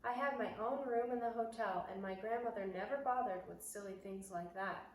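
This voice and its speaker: A woman reading a children's novel aloud in an expressive, dramatic way. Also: mid-range voice, normal speed, recorded from a distance. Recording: echoey room, voice off-mic, faint hiss.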